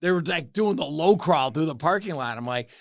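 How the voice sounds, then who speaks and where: Lively joking male podcast host. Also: a little high, a little fast, vocal fry, no room sound, studio quality. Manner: animated storyteller, slips into voices. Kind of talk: casual comedic chat. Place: podcast studio.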